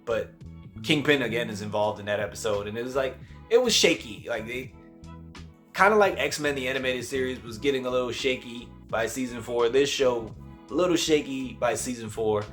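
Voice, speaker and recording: A man's voice: medium pitch, fairly quick, a bit bright, soft background music. A man giving a casual spoken review of a TV show, loose and chatty with lots of slang and fillers.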